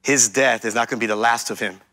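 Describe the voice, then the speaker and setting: A man's voice: medium pitch, fairly even intonation, fast, bright, forceful tone. A male pastor preaching a sermon, emphatic, repeating his key lines and speaking straight to the congregation.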